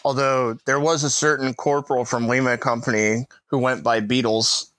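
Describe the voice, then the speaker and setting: A man in his thirties, a Marine veteran co-hosting a podcast, telling profane, animated war and hospital stories with laughter. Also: medium pitch, normal speed, no echo. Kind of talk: casual storytelling chat.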